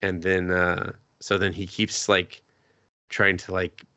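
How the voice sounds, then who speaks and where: A man chats casually on a podcast, rambling through a story and cursing freely. His voice sits on the low side, and the sound is dry and close with no room echo. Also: flat delivery, slow, pushed and bright. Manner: rambling, swears freely, acts out characters' lines. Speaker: podcast co-host. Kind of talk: casual anime recap chat.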